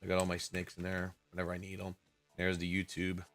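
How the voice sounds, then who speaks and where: A man's voice: sits low, completely flat delivery, brisk, a bit bright. A man in his forties talking casually and rambling on a live stream, swearing now and then. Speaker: reptile keeper and live streamer. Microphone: computer mic at a desk. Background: faint background music.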